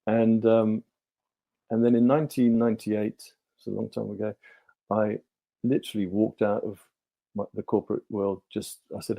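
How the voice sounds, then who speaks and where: A man's voice: on the low side, level tone, moderate pace, creaky, mellow. A middle-aged man, a guest on a podcast, telling his life story in a rambling way full of ums and restarts. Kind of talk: relaxed storytelling interview.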